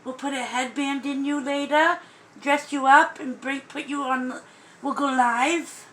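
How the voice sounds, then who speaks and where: A woman with a high, bright-pitched voice talks through an excited unboxing vlog. She speaks slowly and lingers on each word, gushing and gasping in breathless delight. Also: rough recording. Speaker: vlogger unboxing a doll.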